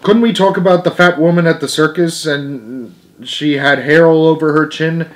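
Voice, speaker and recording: A man's voice: a little high, normal speed, pitched above the performer's own voice, close to an everyday voice, rough recording. A man voicing a schoolboy who pleads to talk about the circus, in a storybook reading. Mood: pleading. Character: pleading schoolboy full of odd stories.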